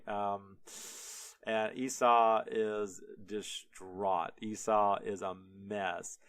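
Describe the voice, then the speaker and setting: Brief: young male podcast host, loose comic retelling, smooth voice, dry close mic. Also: lowish voice, flat delivery, extremely slow, fairly bright tone, dry recording. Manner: rambling, full of "like", laughs often.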